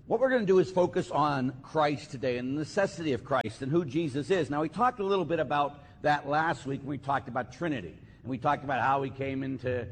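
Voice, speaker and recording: A man, a Catholic priest, giving a sermon with lively storytelling and acted-out voices. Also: mid-range voice, a little fast, few pauses, husky. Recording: hall reverb, faint ambience.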